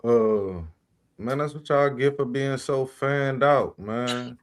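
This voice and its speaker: A man's voice: mid-range voice, slow pace. A man on a talk show panel, giving slangy, rambling opinions with lots of "you know what I'm saying". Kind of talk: casual talk show commentary.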